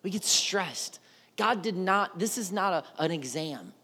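A man's voice: sits high, expressive, measured pace, sharp tone, husky. A male pastor preaching a casual, conversational sermon with jokes and acted-out voices. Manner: conversational, joking, acts out voices.

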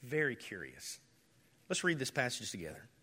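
A male pastor preaching a sermon, rising to loud, impassioned declarations and dropping to near-whispers. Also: medium pitch, wildly swooping pitch, moderate pace, husky. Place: church sanctuary. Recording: hall reverb.

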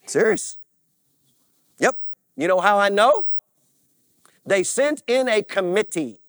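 A man's voice: sits high, sing-song, takes it slowly, fairly bright tone, no room sound. A man preaching a sermon to a church congregation, with call-and-response and joking asides. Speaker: pastor.

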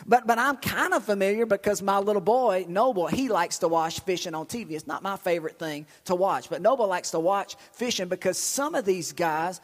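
High-voiced preacher in a reverberant hall. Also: male voice, fairly quick, hardly any pauses. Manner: lively storytelling with shouts and repetitions. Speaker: pastor. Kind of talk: sermon. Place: church.

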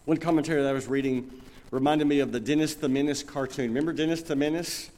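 A man's voice: fairly high pitch, steady tone, fast, a little mellow, in a large hall. An older man preaching a sermon, telling stories and acting out little dialogues in a conversational way. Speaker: pastor.

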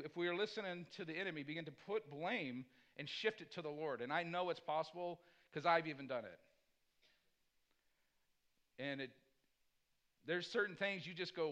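A pastor delivers a conversational sermon in a voice on the high side with a fairly bright tone. He blends personal stories with scripture and often punctuates his points by asking "Amen?"

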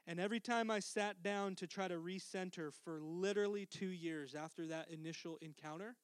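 A middle-aged man preaching a sermon as pastor, earnest, dropping to a soft hush for tender lines. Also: high voice, a little fast, clean tone, dry recording.

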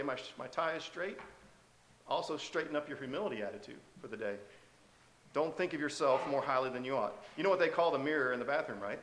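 A man's voice: a little high, fairly bright tone. Man preaching a sermon in an echoey church. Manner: conversational, asks the congregation questions. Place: church sanctuary.

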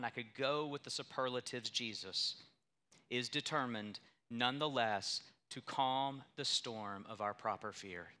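Young male pastor, very bright tone, emphatic storytelling sermon delivery. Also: mid-range voice. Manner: storytelling, emphatic with rising intensity.

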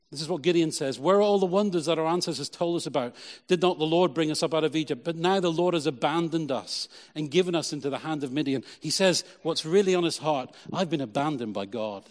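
A middle-aged man, a pastor, preaching a sermon with emphatic, slow, repeated phrases. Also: on the high side, big-room sound.

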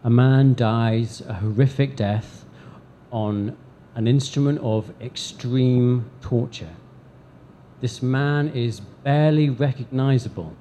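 A man preaching a sermon to a congregation in church, deliberate, with dramatic pauses and emphatic swells. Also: medium pitch, dark tone, slight background noise. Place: church service before a congregation.

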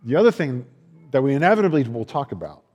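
A man's voice: mid-range voice, big pitch swings, fast, a little mellow, slightly rough. A male pastor giving a sermon in a loose, conversational way, with frequent restarts and playful acted-out dialogue. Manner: acts out others' voices in quoted dialogue. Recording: long reverb of a large hall.

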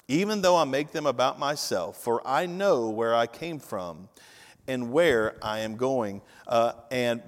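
A man preaching a sermon, reading scripture aloud slowly with emphasis and prompting listeners to finish the lines. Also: mid-range voice. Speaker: pastor. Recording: long hall reverb.

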